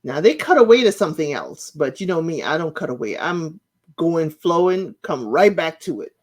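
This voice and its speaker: A woman's voice: sits low, very animated, moderate pace, darkish tone, husky. A woman hosting her own channel, chatting casually as she recaps reality show episodes and retells the scenes in her own words.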